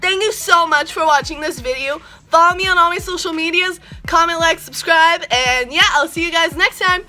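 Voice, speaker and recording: A woman's voice: extremely high pitch, normal speed, few pauses, pushed and bright, faint music behind. A teenage girl telling a storytime vlog in a sassy, profane, ranting way. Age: teens. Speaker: vlogger.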